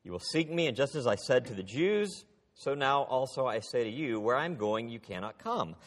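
Animated male pastor in a reverberant hall. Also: medium pitch, normal speed. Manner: animated, dramatizing scripture with dropped intense lines. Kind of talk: sermon.

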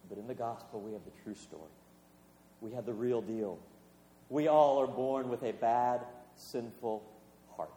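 A man's voice: medium pitch, unhurried, warm tone, slight background noise. A man, a pastor, preaching a sermon in a conversational, storytelling way with casual fillers. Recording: echoey hall with long reverb.

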